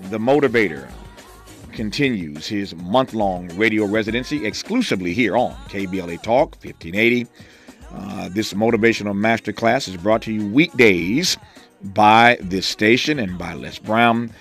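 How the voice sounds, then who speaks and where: A man hosting a radio talk show, giving measured, formal introductions. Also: lowish voice, fairly bright tone, soft background music. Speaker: radio host. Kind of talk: radio announcing.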